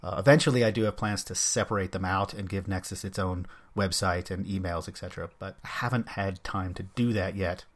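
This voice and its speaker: A man's voice: deep voice, brisk, hardly any pauses. Wry man hosting a comics podcast. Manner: wry, self-mocking humor. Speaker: podcast host. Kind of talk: solo comics podcast talk.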